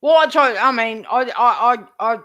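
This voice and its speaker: A woman's voice: a little high, moderate pace, fairly bright tone. A woman live streamer ranting to her chat, indignant, swearing heavily and repeating herself.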